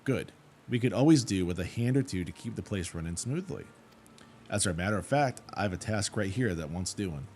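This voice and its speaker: A man reading out a gruff, rustic woman who runs a chocobo ranch in a fantasy game, with blunt folksy speech. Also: lowish voice, expressive, normal speed, darkish tone, a little hiss or hum. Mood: welcoming.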